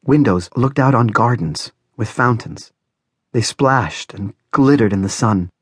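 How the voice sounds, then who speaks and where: A man reading a novel aloud as audiobook narrator, in a measured, dramatic style. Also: medium pitch, breathy edge, no room sound, studio quality. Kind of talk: scripted narration.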